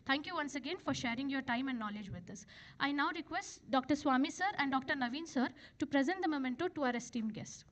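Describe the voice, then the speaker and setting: A woman acts as emcee of an event, delivering polite, formal, scripted announcements. Her voice is high. Faint noise sits under the speech. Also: expressive, fast, a bit bright.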